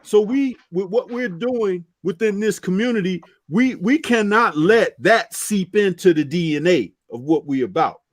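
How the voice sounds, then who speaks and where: Preachy higher-voiced man, dry mic. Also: lively intonation, normal speed, few pauses, no echo. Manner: earnest, preachy, emphatic with "okay" asides. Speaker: boxing talk show panelist. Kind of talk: casual panel chat.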